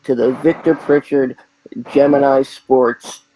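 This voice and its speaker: A man co-hosting, setting up a hypothetical question in a slow, deliberate way. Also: mid-range voice, little pitch movement, background noise. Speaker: co-host asking questions. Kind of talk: interview question.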